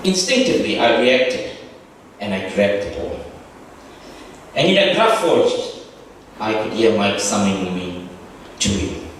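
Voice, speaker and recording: A man's voice: lowish voice, expressive, unhurried, pauses often, a little hiss or hum. A middle-aged man giving a reflective, humorous spoken tribute at a reunion. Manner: reflective storytelling with warm humor. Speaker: speaker at a reunion. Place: large echoey hall. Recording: distant, echoey hall recording with faint ambience.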